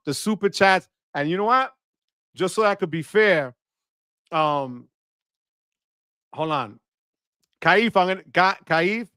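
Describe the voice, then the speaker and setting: With a bright, high voice, this live streamer calls out super chat shout-outs and thanks viewers in loud bursts of excitement, frequently yelling "wepa." The recording is close and dry, with no echo or room sound.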